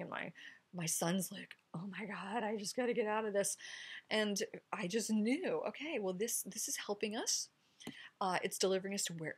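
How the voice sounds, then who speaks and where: Woman, middle-aged, pastor, husky voice, lowish pitch, soft meditative delivery, hushed whispered mantras, camera recording. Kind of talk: informal spiritual sermon to camera. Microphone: camera mic.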